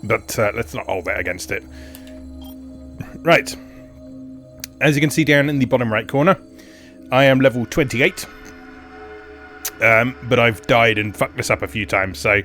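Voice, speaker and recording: A man's voice: mid-range voice, measured pace, long pauses, bright, forceful tone, soft background music. A man giving casual, wry gameplay commentary as host of a retro game video, chatty with plenty of fillers.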